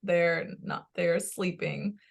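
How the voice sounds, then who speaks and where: Woman, psychic medium, gravelly voice, excitable and giggly in casual chat. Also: fairly low pitch, slow pace. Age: adult with a child. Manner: excitable, laughs often, relays a spirit's words.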